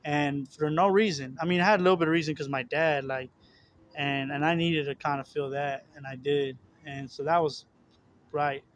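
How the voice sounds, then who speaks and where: A little hiss or hum runs beneath a young man's slightly high, steady voice as he talks at normal speed. Hosting a religious video, he earnestly and casually confesses his spiritual struggles, repeating words, restarting, and leaning on fillers as he rambles.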